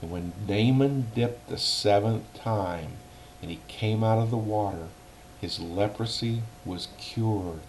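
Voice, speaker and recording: A man teaching a children's Bible lesson, telling the story slowly and emphatically and explaining words simply. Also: fairly low pitch, darkish tone, a little hiss or hum.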